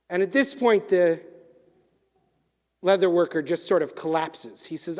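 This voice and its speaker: A man leading a service, telling a sermon story and closing with a blessing in a measured, softening voice. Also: high-pitched, lively intonation. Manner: warm, measured storytelling that softens toward a hushed close. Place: synagogue chapel. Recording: long hall reverb in a chapel.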